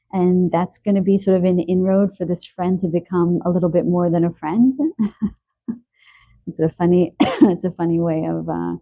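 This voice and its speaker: A woman giving an intuitive love card reading, musing aloud with soft laughs and a slightly stuffy nose. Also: lowish voice, dry recording, highs cut off. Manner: musing, stream-of-consciousness, frequent soft laughs. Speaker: tarot card reader.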